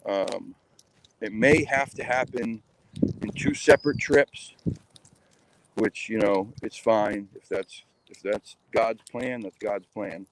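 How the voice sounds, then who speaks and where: A man's voice: on the low side, slow, a little hiss or hum, rough recording. A man chatting casually to his viewers in a rambling, hesitant way, full of fillers. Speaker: cryptid vlogger.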